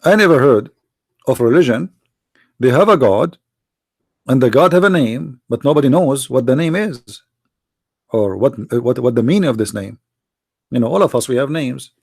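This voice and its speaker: Hosting a live call-in debate stream, a man from the Middle East with an Arabic accent fires insistent, challenging questions. He speaks at a moderate pace with a medium-pitched, animated, gravelly and husky voice, pausing often, in clean studio sound without echo.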